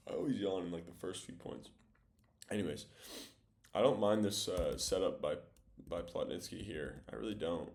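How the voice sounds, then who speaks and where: Laid-back man with a low, gravelly voice. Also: moderate pace. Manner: relaxed, thinking aloud with many fillers. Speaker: volleyball film analyst. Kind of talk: casual video breakdown commentary.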